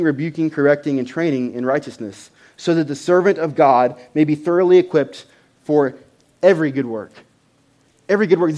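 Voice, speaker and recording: A man preaching a sermon to a congregation, conversational, with loud emphatic bursts and frequent repeated words. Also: a little high. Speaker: pastor.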